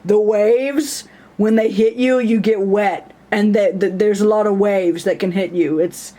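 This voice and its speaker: A woman's voice: mid-range voice, steady tone, unhurried, dark tone. A woman talking casually in a personal vlog, rambling and self-mocking, often laughing and acting out voices in her stories. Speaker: vlogger.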